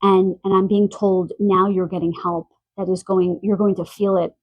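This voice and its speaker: A woman giving a spiritual pick-a-card reading, gentle and searching, relaying messages with pauses and fillers. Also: medium pitch, level tone, no echo, lo-fi sound. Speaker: tarot card reader. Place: quiet room in the evening.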